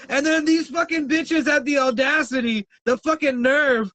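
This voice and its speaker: A man's voice: very high voice, moderate pace, dry recording, low-quality recording. A man co-hosting a podcast, telling wild stories in casual chat, swearing and laughing often. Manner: animated storyteller, swears a lot, laughs often. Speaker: podcast co-host.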